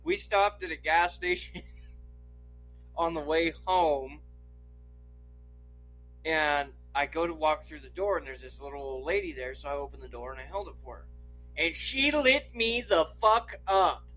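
This man has a high, bright voice, and he tells a long story in a loose, chatty way. He swears constantly and keeps breaking into laughter. His manner is relaxed and casual. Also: normal speed, long pauses, soft background music, poor audio. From Idaho, US. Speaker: podcast storyteller. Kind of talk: casual anecdote telling.

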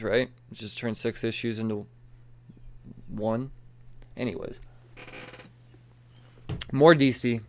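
A man giving a casual, rambling comic book review, excitable and full of swearing and asides. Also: mid-range voice.

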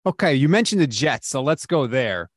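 A man hosting a sports talk show, asking punchy questions and adding his own animated takes. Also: mid-range voice, normal speed, dry recording, clean studio sound.

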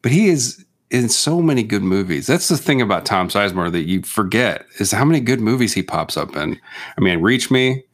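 A man co-hosting a podcast, chatting casually about movies in a quick, teasing way. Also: on the low side, expressive. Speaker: podcast co-host.

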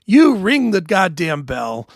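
A man with a high, gravelly voice hosts a casual podcast chat. He is hoarse and cusses freely, laughing between lines. The sound is close and dry. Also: wildly swooping pitch, takes it slowly, no echo. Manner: profane, laughing, joking. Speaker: podcast host.

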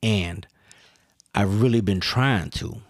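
Slow, low-voiced man musing aloud. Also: no room sound, clean studio sound. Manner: earnest, emphatic, repeats words and restarts, addresses listeners directly. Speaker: podcast host. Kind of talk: solo reflective monologue.

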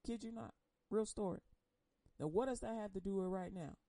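Blunt, impassioned woman with a mellow voice. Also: medium pitch, fairly quick, dry recording, low-quality recording. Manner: emotional and blunt, swinging between loud outbursts and hushed confession. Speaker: churchgoer sharing a personal testimony. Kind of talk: impassioned personal testimony on air.

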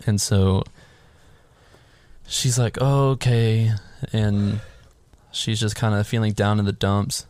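A man's voice: lowish voice, little pitch movement, takes it slowly, pauses often, a little mellow, dry recording. A man casually retelling a film's plot as a podcast co-host, swearing freely and acting out his own reactions. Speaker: podcast co-host recapping a film. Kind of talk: casual chat.

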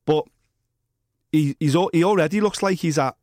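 A man's voice: a little high, normal speed, a little mellow, no room sound, clean studio sound. A man, co-hosting a boxing podcast in casual, blunt, opinionated chat with plenty of swearing.

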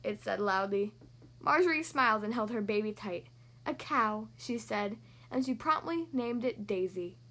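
A young woman hosting a podcast, reading a children's storybook in a friendly, expressive way. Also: mid-range voice, moderate pace.

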